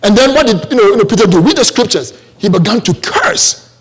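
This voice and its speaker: A man's voice: sits high, animated, brisk. A male preacher with an African accent giving a sermon in a church service, repeating phrases for emphasis and checking in with the congregation.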